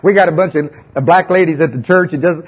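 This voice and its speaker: A man's voice: a little high, fast talker. A male preacher giving a sermon in a conversational, emphatic way, often putting questions to his listeners. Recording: dull lo-fi recording.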